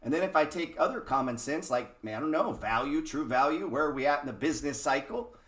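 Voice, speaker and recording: A man's voice: on the high side, animated, fast, fairly bright tone. Blunt, cursing man with a roomy echo. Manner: blunt, profane, rhetorical questions. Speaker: trading educator. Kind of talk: casual screen-share market talk.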